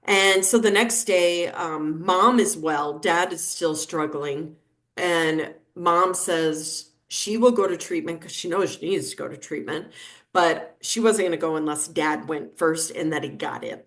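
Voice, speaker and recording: A woman's voice: low-pitched, unhurried. A woman in her fifties, a neonatal nurse practitioner, telling a story in a conversational interview and acting out the dialogue of the people in it. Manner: lively anecdotal telling, acting out quoted dialogue.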